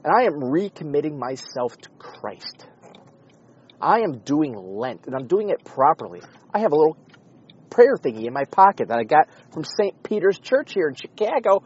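A man hosting a podcast, talking in a rambling, sarcastic, profane comedic monologue with a husky voice. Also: high voice, very animated, moderate pace, darkish tone, dry recording, lo-fi sound. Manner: rambling, sarcastic, swears often. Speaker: podcast host.

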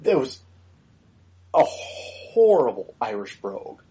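A man's voice: medium pitch, very animated, takes it slowly, mellow, lo-fi sound. A man co-hosting a podcast in casual, opinionated chat, blunt and swearing freely with rambling asides. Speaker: podcast co-host.

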